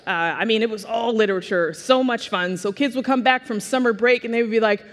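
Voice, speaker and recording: A woman in her thirties tells funny, self-mocking personal stories at a forum, her delivery animated and sharply timed. Her voice sits at an ordinary middle pitch. A long reverb from the large room trails after each line. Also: brisk, noisy background. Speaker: keynote speaker. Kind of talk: humorous personal storytelling speech.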